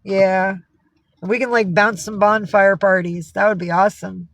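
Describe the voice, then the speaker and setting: A woman's voice: mid-range voice, fairly even intonation, unhurried, no echo. A woman from upstate New York running a casual livestream. She chats easily, greets her viewers one by one and drops curse words without a second thought. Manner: chatty, greets viewers by name, swears freely. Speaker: livestream host.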